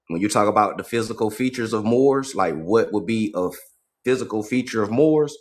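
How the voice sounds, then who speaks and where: A man with a low-pitched voice hosts a casual livestream. He reads passages aloud and breaks off to comment in streetwise, profane slang, hammering his points home by repeating them. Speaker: livestream host.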